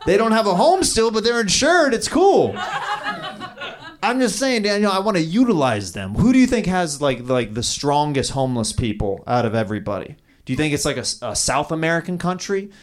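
A man's voice: on the high side, big pitch swings, fairly quick. A man doing improvised stand-up, riffing and teasing the audience on a comedy club stage. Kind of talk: improvised stand-up crowd work. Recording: live club with laughing crowd.

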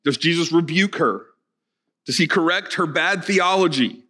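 Male pastor preaching live in a church hall; highish voice, fervent, moves between quiet pleading and loud calls. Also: moderate pace. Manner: shifts from hushed pleading to loud, fervent urging. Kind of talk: sermon.

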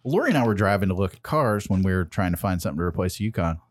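Lively, joking man in his forties. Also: low-pitched, very fast. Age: 40s. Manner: joking, laughs often, swears freely. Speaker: podcast host. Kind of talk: casual chat.

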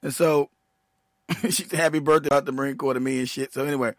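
A man's voice: medium pitch, steady tone, fast, no echo. A man hosting a profane livestream rant, heated and laughing often, who trails off as he fiddles with his computer. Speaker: show host, military veteran.

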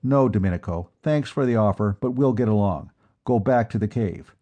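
A man's voice: fairly low pitch, moderate pace, mellow, highs cut off, close to an everyday voice. A man voicing a bold young male space-marine lieutenant who gives orders urgently and firmly. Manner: urgent, commanding.

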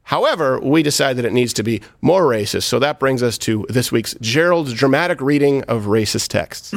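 A man's voice: mid-range voice, lively intonation, moderate pace, gravelly. A man hosting a comedic political talk show, sarcastic and joking. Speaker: show host.

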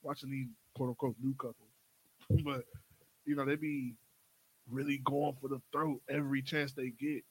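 A man's voice: medium pitch, little pitch movement, moderate pace, slightly rough, low-quality recording. A young man, co-hosting a casual podcast chat, loose and profane, telling stories with quoted asides. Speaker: podcast co-host.

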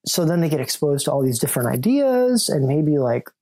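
A man's voice: fairly high pitch, big pitch swings, fairly quick, dark tone. A man talking loosely and at length as a podcast guest, full of "like" and "um", with jokey self-mocking asides. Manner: rambling, loose, lots of "like" and "um". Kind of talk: casual chat.

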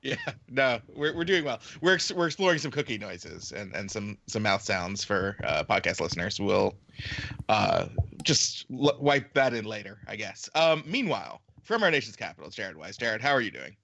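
A man's voice: lowish voice, very animated, moderate pace, vocal fry, a bit bright, a little hiss or hum. A man hosting a podcast in casual chat, rambling with fillers and laughing often. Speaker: podcast host.

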